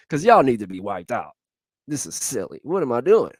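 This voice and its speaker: A man's voice: very animated, normal speed, a little mellow, no room sound, studio quality. A man playing a patient male savior who speaks in casual slang with mockers. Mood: exasperated. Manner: casual slangy retort, rising in pitch.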